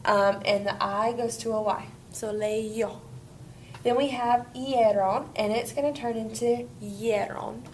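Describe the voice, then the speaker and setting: Gravelly-voiced teacher explaining grammar. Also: female voice, a little high, a little hiss or hum. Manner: upbeat, walks students through steps. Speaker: Spanish teacher. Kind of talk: classroom grammar lesson.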